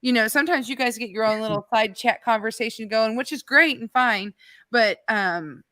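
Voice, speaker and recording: A woman's voice: fairly high pitch, moderate pace, sharp tone, no room sound. A woman hosting a casual live-stream interview, chatting and reading out viewers' names from the chat. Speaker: livestream host.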